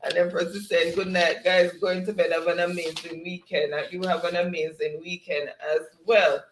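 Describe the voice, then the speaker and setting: A woman's voice: lowish voice, level tone, normal speed, echoey room, a little hiss or hum, rough recording. A Jamaican woman hosting a livestream, chattily reading out viewer comments and laughing often. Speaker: livestream host. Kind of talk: reading viewer chat aloud.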